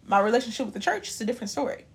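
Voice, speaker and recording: A woman's voice: a little high, lively intonation, racing, slight background noise. A young woman in her twenties, from Indiana, talking frankly and openly about her own life in a conversational way. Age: 20s. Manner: frank, conversational, emotionally open. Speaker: young churchgoer sharing her story. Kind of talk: candid personal talk.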